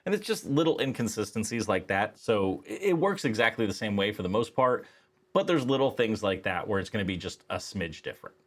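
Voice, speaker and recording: A low-voiced man gives a screen-recorded software lesson for a statistics class. He talks casually and walks through each click step by step, filling pauses as he goes. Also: expressive. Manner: casual, explains step by step with fillers. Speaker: statistics instructor.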